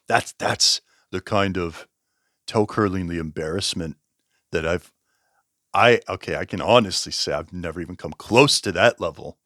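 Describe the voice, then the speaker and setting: A man's voice: sits low, normal speed, a bit bright, no room sound, clean studio sound. A man casually reviewing a book, rambling, correcting himself and chuckling as he talks. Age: over 20.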